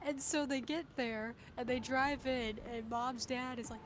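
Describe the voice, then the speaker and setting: A woman's voice: sits high, unhurried, hardly any pauses, background noise. A woman on a gaming stream telling a family story casually, acting out the quotes with energy. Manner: animated storyteller who acts out quotes. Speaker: guest chatting on a gaming stream.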